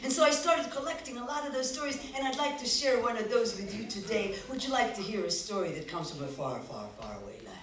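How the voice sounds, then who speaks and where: Expressive woman storyteller, lively pitch. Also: fast, hardly any pauses. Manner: expressive, playful, draws the audience in with questions. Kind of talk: live storytelling to an audience. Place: festival stage before a live audience. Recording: echoey hall, distant mic.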